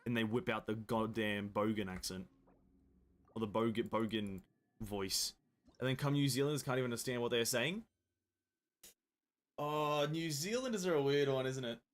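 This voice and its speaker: A man with an Australian accent chats loosely while he plays, wandering between thoughts and restarting his sentences. His voice sits at an ordinary middle pitch, close to a desk microphone, with the occasional casual swear. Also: moderate pace, long pauses. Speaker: game streamer. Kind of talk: casual chat while gaming.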